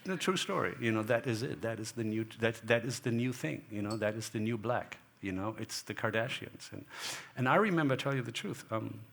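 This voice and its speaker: A man's voice: medium pitch, expressive, fairly quick, vocal fry, few pauses, fairly bright tone. A man, a guest photographer on stage, talking in a rambling, anecdotal way and acting out remembered exchanges. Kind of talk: onstage talk. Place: gallery hall before an audience.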